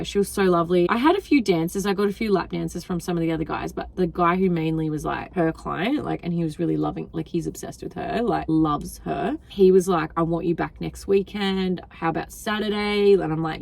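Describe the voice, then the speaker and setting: Tired young woman with a gravelly voice. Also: fairly low pitch, a little mellow. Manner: chatty, rambling, many fillers. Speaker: vlogger. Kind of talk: casual chat. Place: parked car at night. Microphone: phone camera.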